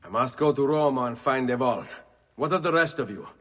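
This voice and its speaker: A determined young assassin. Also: male voice, mid-range voice, expressive, fairly quick, fairly bright tone, big-room sound. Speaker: game character. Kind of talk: video game cutscene acting.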